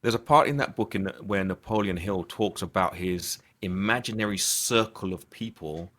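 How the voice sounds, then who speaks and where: A man's voice: low voice, moderate pace, fairly bright tone. A man being interviewed on a podcast, talking earnestly and reflectively, often restarting his sentences. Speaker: podcast guest. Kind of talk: conversational interview.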